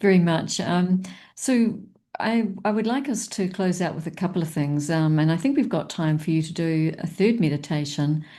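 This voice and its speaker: A woman hosting a talk, gently and politely thanking her guest and leading into the close. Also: on the low side, normal speed. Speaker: host.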